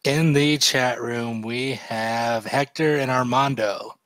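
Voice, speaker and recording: Podcast co-host guy, a bit hoarse, self-deprecating jokes, dry close recording. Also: medium pitch, fairly even intonation, slow pace, fairly bright tone, no echo. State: slightly hoarse from recent illness. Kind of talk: casual podcast chat.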